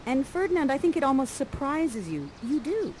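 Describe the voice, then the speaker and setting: Animated woman coaching actors. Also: sits high, normal speed, slight background noise, low-quality recording. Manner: animated, coaching, reads lines aloud in a soft voice. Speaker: theatre director coaching actors. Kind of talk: directing a live VR Shakespeare performance.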